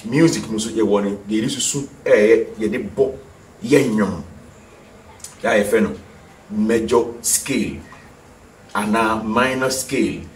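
This Ghanaian-accented man, speaking low and well away from the microphone, teaches piano on television in a blend of English and Twi. He drills terms and tests the viewer; the room echoes, piano notes sound behind him, and there's a faint hiss or hum.

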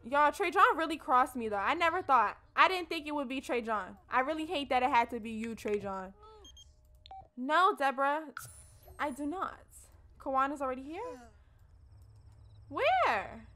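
A young woman chats with her viewers in slangy, expressive talk as she hosts a let's play. Her high-pitched voice swings widely and sounds bright and forceful, and she speaks a little slowly with long pauses.

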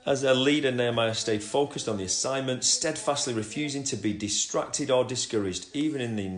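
Speaking fairly quickly at medium pitch, a man gives a casual religious livestream talk from home, sharing his Christian testimony. He tends to ramble and interrupt himself, now and then reading scripture aloud, and the room sounds echoey.

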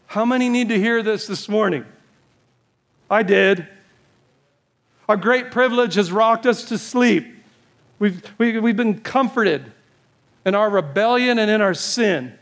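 A man's voice: high voice, a little slow, gravelly, pauses often, a bit bright. A male pastor preaching a sermon in an urgent, pleading way, repeating short commands. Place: church service.

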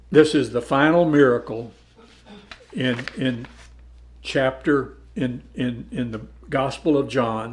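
A man teaching a Bible study lesson, reading verses aloud and explaining them in a conversational way, often repeating words as he goes. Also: medium pitch. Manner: reads verses aloud then comments.

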